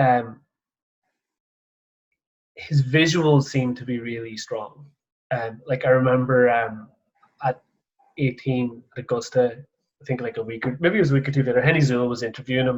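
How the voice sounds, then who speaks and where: A man hosting a casual coaching conversation, talking in a rambling way full of "like" and restarts. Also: mid-range voice. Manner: rambling, lots of "like" fillers and restarts. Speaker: host, golf coach. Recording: muffled lo-fi audio.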